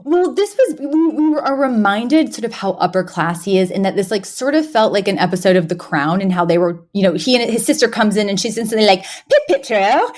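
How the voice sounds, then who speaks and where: A woman co-hosting a podcast, talking in relaxed, casual chat. She is animated and laughs a lot. She slips into voices when quoting lines from an episode. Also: mid-range voice, brisk, few pauses. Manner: animated, laughs often, acts out quoted lines. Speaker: podcast co-host.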